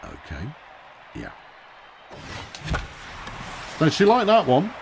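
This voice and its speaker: A man's voice: on the high side, wildly swooping pitch, slow pace, creaky, background noise. A man giving wry, chatty commentary while he plays a baseball video game, often talking to himself. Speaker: gaming video host. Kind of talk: let's-play commentary.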